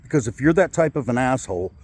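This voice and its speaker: A man's voice: medium pitch, expressive, fast, a little mellow, breathy edge. A man in his forties telling a personal story in a vlog, angry and upset, swearing and rambling with many fillers. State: upset, shaky with anger. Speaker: vlogger. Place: in a car.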